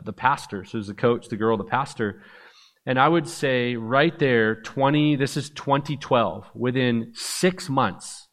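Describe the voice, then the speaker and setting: A man's voice: mid-range voice, fairly bright tone. A man giving a personal testimony in a conversational, storytelling way, full of fillers, who acts out the dialogue he quotes. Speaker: speaker sharing his testimony.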